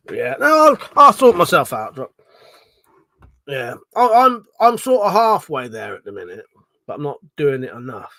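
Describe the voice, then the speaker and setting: A man's voice: fairly high pitch, very animated, measured pace, gravelly, pauses often, pushed and bright. A middle-aged man hosting a casual livestream, reading chat messages aloud, swearing freely, laughing and mumbling asides. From Britain.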